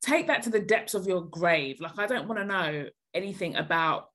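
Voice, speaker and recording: A woman's voice: lowish voice, expressive, normal speed, a bit bright. Blunt, emphatic woman podcast host. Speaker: podcast host giving advice. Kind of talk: casual podcast chat.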